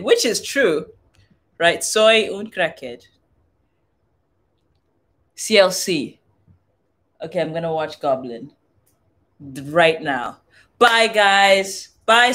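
A woman's voice: low voice, fairly bright tone. A young woman from Southern Africa hosting a casual livestream, chatting with viewers, reading their comments aloud and trying out phrases from other languages. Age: young adult. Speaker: livestream host.

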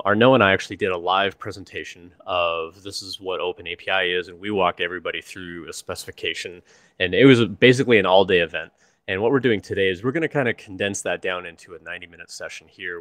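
A man's voice: deep voice, fairly bright tone, no room sound. A man from the United States hosting a live stream over a video call, chatting in a friendly way with many fillers. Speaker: host, developer advocate. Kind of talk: casual live-stream chat.

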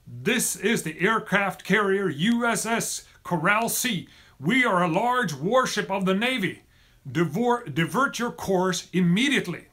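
A man doing a stern male navy captain who barks orders with growing force. The voice is husky and pitched a little high. He repeats his commands insistently. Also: animated, fairly quick, hardly any pauses, a bit bright, exaggerated voice.

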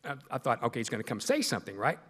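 A man's voice: mid-range voice, wildly swooping pitch, rapid-fire, fairly bright tone, long reverb tail. A man giving a humorous storytelling speech as a guest speaker, full of self-deprecating jokes. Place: large meeting hall.

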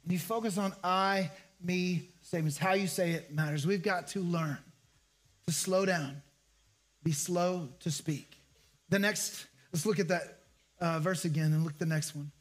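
Male pastor, high-pitched, conversational sermon delivery, asks the room questions. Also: fairly even intonation, measured pace. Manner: conversational preaching with repeated phrases and rhetorical questions.

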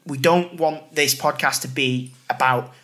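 A male podcast host chats casually in a bright, forward voice. He rambles, stacking repeated words while he hunts for his point. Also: medium pitch, unhurried. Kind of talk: casual chat.

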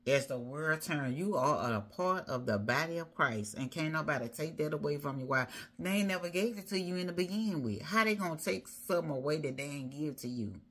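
A woman's voice: low-pitched, lively intonation, fairly quick, few pauses, breathy edge. A woman preaching a sermon as a prophetess, rhythmic and repetitive, building her points through repeated phrases.

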